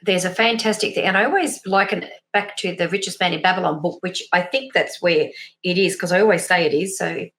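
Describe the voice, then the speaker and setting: A woman's voice: quick pace, a bit bright. A woman talking as a podcast guest, telling stories in a rambling way and acting out the voices of the people in them. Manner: storytelling, acting out quoted voices with big pitch jumps; rambling, self-correcting. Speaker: guest, behavioural profiler and therapist. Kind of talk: casual podcast conversation.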